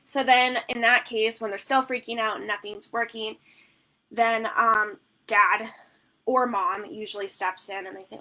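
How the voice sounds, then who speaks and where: A woman's voice: fairly high pitch, steady tone, unhurried, pushed and bright, rough recording. A woman newborn photographer answering questions in a live online Q&A, rambling and chatty with plenty of "like" and "um". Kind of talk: live Q&A teaching.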